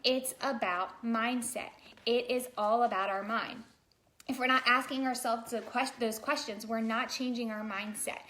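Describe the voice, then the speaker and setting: Chatty, fairly high-voiced woman vlogger. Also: fairly even intonation, a little slow, a bit bright. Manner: chatty, fillers like "like", addresses viewers directly. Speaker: vlogger and daycare provider. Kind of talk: casual motivational talk to camera.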